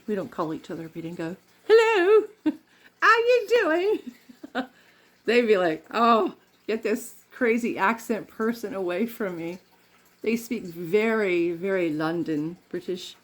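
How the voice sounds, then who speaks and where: A woman's voice: on the low side, gravelly, breathy edge. A middle-aged woman from Canada chatting in a rambling way while doing her makeup, laughing often. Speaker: makeup vlogger.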